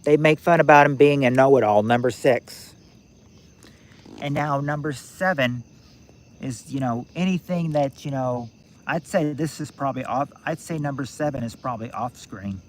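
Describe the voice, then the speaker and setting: A man's voice: medium pitch, normal speed, a little hiss or hum. A man of about sixty hosting a game-night stream, rambling and thinking aloud with many restarts. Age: 60s. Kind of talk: casual live-stream chat.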